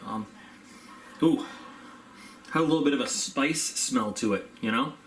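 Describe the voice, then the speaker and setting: A man of middle pitch chats his way through a casual snack review, rambling with plenty of fillers and now and then talking with his mouth full. The room around him is echoey, with a faint hum underneath. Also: unhurried, a bit bright. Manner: chatty, rambling with fillers, talks while chewing. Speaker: product reviewer.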